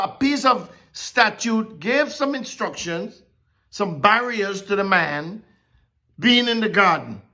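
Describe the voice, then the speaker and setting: Bible teacher, conversational sermon, unhurried delivery, checks in with listeners. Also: medium pitch. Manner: animated, keeps checking in with "okay?" and "right?".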